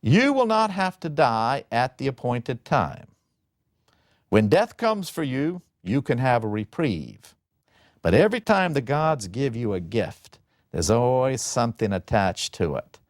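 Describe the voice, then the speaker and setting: A man's voice: medium pitch, big pitch swings, measured pace, no echo, studio quality. A man voicing a gracious, grateful male god who grants a favor, speaking solemnly.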